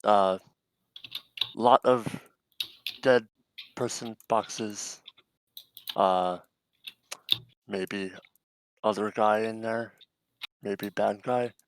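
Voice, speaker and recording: Man putting on a halting, simple-minded kobold. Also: fairly low pitch, fairly even intonation, slight background noise, low-quality recording. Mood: cautious. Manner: broken, halting caveman-like speech. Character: simple-spoken male kobold fighter.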